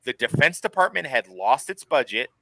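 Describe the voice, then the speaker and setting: A man's voice: mid-range voice, sing-song, moderate pace, creaky, fairly bright tone, dry recording. A man co-hosting a casual movie-watching podcast, blunt and teasing. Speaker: podcast co-host.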